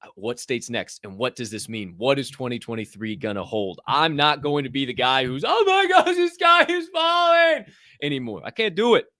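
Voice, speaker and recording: A man's voice: medium pitch, fairly quick, dry recording. Guy hosting a podcast, jokey and ranty, cusses a lot, super dry close sound. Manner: animated, joking, swears and rants. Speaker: podcast host. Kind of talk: energetic news rundown.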